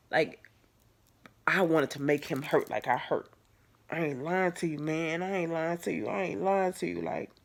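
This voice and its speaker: A woman telling a painful personal story to camera in a casual, candid way, full of fillers and restarts. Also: on the low side. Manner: conversational, many fillers and restarts, swings from soft to emphatic. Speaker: vlogger.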